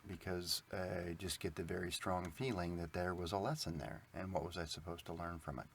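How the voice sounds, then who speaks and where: A man co-hosting a faith podcast, speaking in a calm, reflective way. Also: low-pitched, brisk, vocal fry, a little hiss or hum. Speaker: podcast co-host.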